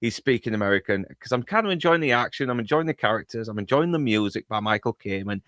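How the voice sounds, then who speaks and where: A man's voice: lowish voice, animated, quick pace, fairly bright tone, no echo, clean studio sound. A man from England with a Northern English accent, a panel guest who rambles with many fillers and swears freely. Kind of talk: casual panel chat.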